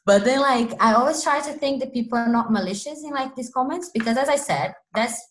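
A young woman from Brazil with a Brazilian Portuguese accent and a deep voice, chatting casually with lots of fillers and restarts. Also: brisk, low-quality recording. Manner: talks with many fillers and restarts. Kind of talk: casual chat.

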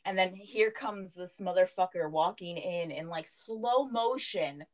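A young woman co-hosting a casual chat, telling animated stories, swearing freely and laughing often. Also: on the low side, measured pace, low-quality recording. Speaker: podcast co-host.

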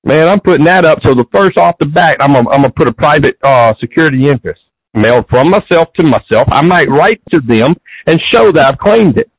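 A man's voice: on the high side, lively intonation, a little fast, slightly rough, no room sound. A man talking as an interview guest in a casual, rambling way, often restarting his sentences, on a dull lo-fi recording.

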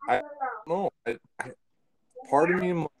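A man's voice: high voice, sing-song, moderate pace, a crowd in the background. A man co-hosting a casual sports chat, asking questions and giving short replies. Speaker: podcast co-host.

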